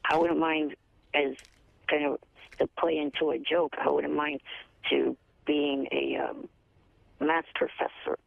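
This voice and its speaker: A man's voice: on the high side, flat delivery, unhurried, creaky, pauses often, no echo, narrow, tinny audio. A man guest on a radio show, answering bluntly and tersely in casual chat.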